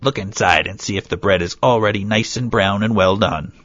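A man's voice: lowish voice, fairly quick, fairly bright tone, no room sound. A man reading as a cruel old witch. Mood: commanding. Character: wicked old female witch, cruel and bossy. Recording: dull lo-fi recording.

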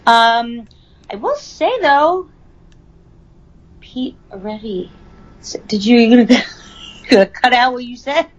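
A woman's voice: a little high, expressive, slow, pauses often. A young woman hosting a podcast in casual chat, talking with lots of ums and likes. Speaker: podcast host. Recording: slightly dull, lo-fi audio.

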